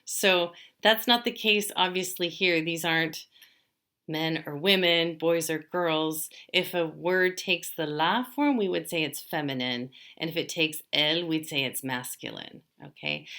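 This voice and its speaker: A woman teaching a language lesson, explaining patiently step by step and slowly drawing out example words. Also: mid-range voice, a bit bright. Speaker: Spanish teacher.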